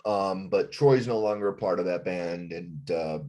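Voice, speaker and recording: A man's voice: low voice, moderate pace, darkish tone. A man, a rock band frontman, telling a heated story on a podcast with plenty of profanity and acted-out quotes.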